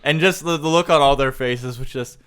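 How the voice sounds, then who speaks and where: A man's voice: medium pitch, a little fast, fairly bright tone, smooth. A man co-hosting a podcast, chatting casually about a film, agreeable and easygoing as he chimes in. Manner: easygoing, agreeable, laughs along. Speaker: podcast co-host. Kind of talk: casual movie discussion.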